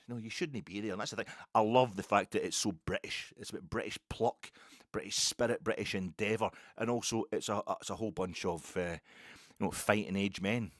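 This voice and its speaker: Middle-aged Scottish male podcast host, low voice, excitable rambling monologue, dry booth sound. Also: dry recording. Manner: rambling, animated, self-interrupting. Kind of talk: casual solo podcast monologue.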